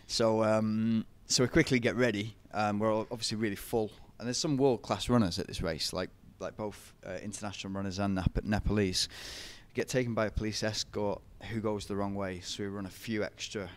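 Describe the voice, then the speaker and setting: A man's voice: lowish voice, fairly even intonation, brisk, few pauses. A young man, telling running stories in a casual interview, chatty and laughing often. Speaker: podcast guest, ultra runner.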